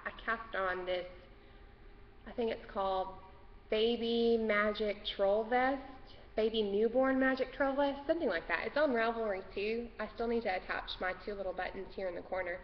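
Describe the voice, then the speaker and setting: Hosting a relaxed home craft podcast, a woman from Texas speaks at moderate pace with a fairly high voice, rambling nervously and drifting off topic easily. The recording is dull and lo-fi, with long reverb and faint noise.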